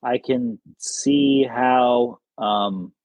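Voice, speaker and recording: A man's voice: medium pitch, drawn-out words, a little mellow, no echo. A man who is a chef, guesting on a podcast and chatting casually in a laid-back, dry way. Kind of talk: casual chat.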